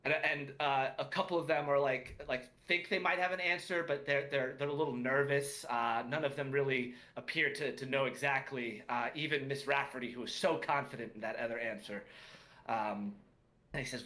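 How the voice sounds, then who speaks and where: Bright-voiced man narrating a tabletop game. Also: medium pitch, fairly even intonation, moderate pace. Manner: hesitant, many fillers. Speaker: game master.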